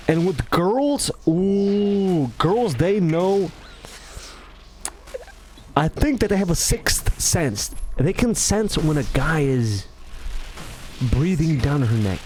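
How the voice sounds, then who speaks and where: This is a man talking in a loose, rambling monologue, his voice sitting high. He stumbles, restarts and corrects himself constantly, and his pitch leaps around with lively energy. Faint background noise runs beneath him. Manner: restless, self-correcting, stumbling over words; acts out greetings in shifting tones.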